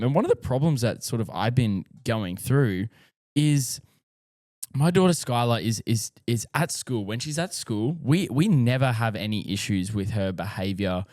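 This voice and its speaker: A man's voice: mid-range voice, a little mellow, no echo, clean studio sound. A man, talking frankly in a rambling, sweary way about being a parent. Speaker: dad vlogger. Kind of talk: casual monologue.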